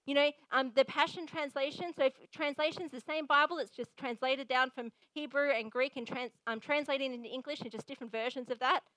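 A woman pastor preaches with lively emphasis and a chatty, direct manner. Her voice sits high, and the sound is close and dry with no room around it. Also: fairly quick, hardly any pauses, dry recording, rough recording. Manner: energetic, emphatic, conversational preaching. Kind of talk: sermon.

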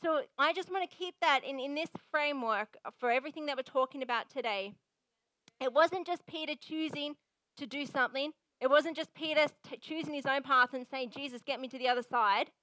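Young female pastor, high bright voice, dry close sound, chatty but emphatic sermon delivery. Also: a little fast, dry recording, poor audio. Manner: earnest, conversational preaching with emphatic repeats.

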